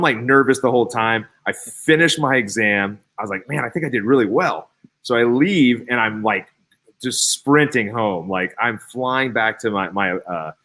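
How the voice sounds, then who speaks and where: Man, 30s, from Cincinnati; lowish voice, chatty interview guest, lively, stumbling restarts. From Cincinnati, Ohio. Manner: animated, chatty, many fillers and restarts. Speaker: guest, former baseball player. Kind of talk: casual interview storytelling.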